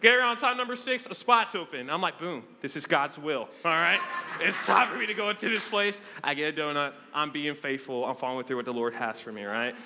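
Young male preacher, twenties, high bright voice, playful self-mocking storyteller, large reverberant hall. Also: fast, few pauses, background noise. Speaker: youth preacher. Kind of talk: humorous sermon to a live congregation.

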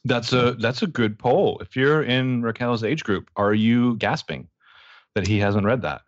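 A man's voice: mid-range voice, unhurried, no room sound, dull audio. A man co-hosting a podcast in casual chat, joking and laughing often, with lots of fillers. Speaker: podcast co-host.

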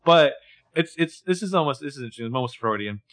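This podcast co-host has a fairly high voice and talks fast. Chatting casually through a TV episode recap, he stays animated, laughs a lot, and performs quotes from the characters.

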